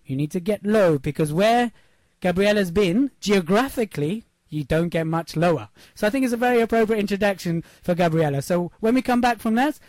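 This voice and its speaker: High-ish guy radio host, pumped up, keeps saying yes?, studio mic. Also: animated, fairly quick, darkish tone, dry recording. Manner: emphatic, repeats points, asks "yes?". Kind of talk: upbeat motivational radio talk. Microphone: studio microphone.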